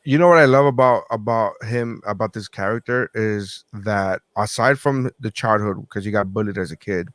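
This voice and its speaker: A man's voice: fairly low pitch, normal speed, no room sound. A man co-hosting a podcast in casual chat, telling stories loosely with frequent swearing. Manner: loose, profane and animated storytelling. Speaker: podcast co-host.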